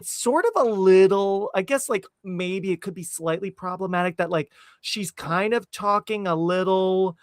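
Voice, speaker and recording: A man's voice: sits high, measured pace, hardly any pauses, no room sound, clean studio sound. A man hosting a podcast in casual chat, chatty and often acting out film lines. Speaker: podcast host.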